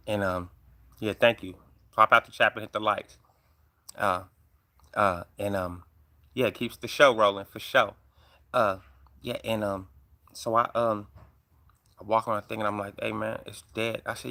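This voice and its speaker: A man with a low, gravelly voice that still cuts through with a bright edge. He hosts a live stream and talks straight to his chat in loose street slang. He keeps checking in with a quick "right?" as he tells his story. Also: steady tone. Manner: conversational, keeps tagging lines with "right?"; street slang, calls listeners "bruh" and "dog". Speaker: live-stream host telling a personal story.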